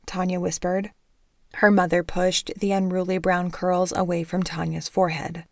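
A woman narrating a novel as an audiobook, in an even, measured storytelling manner. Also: lowish voice, no echo, studio quality.

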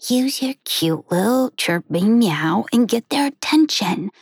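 A woman's voice: a little high, expressive, a little slow, husky, no echo, clean studio sound, pitched above the performer's own voice, full character voice. Midnight, a woman doing a bossy kitten whispering. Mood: urgent whisper. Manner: urgent whispering. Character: bossy young female black kitten.

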